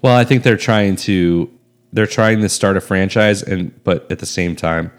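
A man co-hosting a casual podcast chat, making dry deadpan jokes. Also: low-pitched, measured pace, clear, resonant tone. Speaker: podcast co-host.

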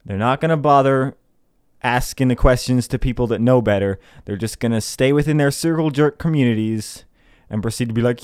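A man's voice: medium pitch, brisk, a little mellow, clear, resonant tone, no echo, studio quality. A young man hosting a podcast, ranting in an exasperated way, swearing and mocking the people he argues against. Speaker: podcast host. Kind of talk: casual ranting monologue.

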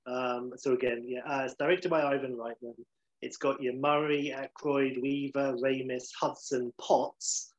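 A man chatting casually as a podcast host, enthusiastic, with quick asides and the odd swear word. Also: medium pitch, fairly bright tone. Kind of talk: casual chat. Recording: slightly dull, lo-fi sound.

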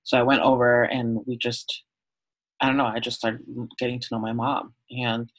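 A Southern California man, appearing as a podcast guest, speaks in a mid-range, level voice at normal speed with a slightly bright tone. He tells candid, heartfelt stories in a conversational interview, peppered with lots of "um" and "like." The recording quality is low.

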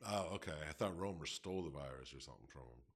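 A man's voice: extremely low pitch, lively intonation, fast. A man co-hosting a casual podcast, joking, asking many questions and mimicking characters in quoted voices. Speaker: podcast co-host. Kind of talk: casual chat.

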